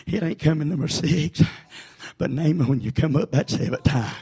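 A man preaching a sermon as pastor, swinging between shouted refrains and quieter storytelling. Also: on the high side, moderate pace, gravelly, breathy edge. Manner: shouting, chanting preacher with sudden hushed storytelling.

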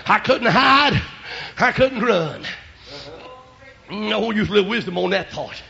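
A high, gravelly man preaching a revival sermon. He swings between fervent shouts and low, chatty asides. The sound is dull and lo-fi, like an old church tape. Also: animated, measured pace, long pauses. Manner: shouting in bursts, then dropping to quiet asides. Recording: lo-fi church recording.

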